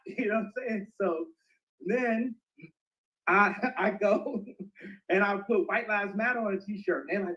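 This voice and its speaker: Man guest, high voice, rambling tale, keeps cracking up, muffled lo-fi online audio. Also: moderate pace. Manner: rambling, breaks into fits of laughter. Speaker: interview guest. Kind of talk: casual storytelling in an online audio chat.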